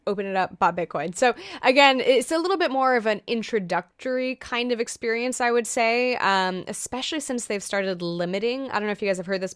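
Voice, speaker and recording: A woman's voice: medium pitch, smooth, dry recording, studio quality. A young woman chatting casually to camera about crypto news, upbeat, with many fillers and asides. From Canada and the US.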